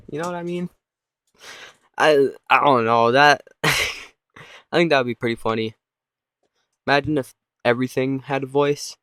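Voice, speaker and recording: Goofy rambling podcast host, male, mid pitch, dry close mic. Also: a little slow, long pauses, fairly bright tone, no echo. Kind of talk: casual rambling comedy monologue.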